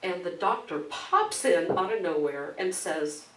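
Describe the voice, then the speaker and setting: A woman's voice: on the low side, unhurried. A middle-aged woman minister preaching a conversational sermon, telling a personal story with frequent laughs. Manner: animated storytelling, laughs often, acts out quoted voices. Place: church sanctuary. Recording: echoey room, mic at a distance.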